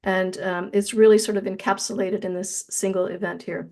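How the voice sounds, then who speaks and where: A woman with a mid-range voice shares a personal spiritual story as an interview guest. Her telling is earnest and reflective. She slows down on the phrases that matter most. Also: mid-range voice, level tone, dark tone.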